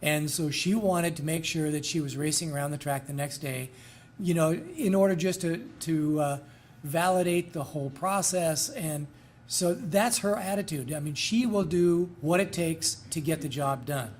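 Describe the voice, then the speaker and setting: A man's voice: on the high side, moderate pace. A middle-aged man, a school administrator, giving a folksy, rambling ceremony introduction with self-deprecating asides.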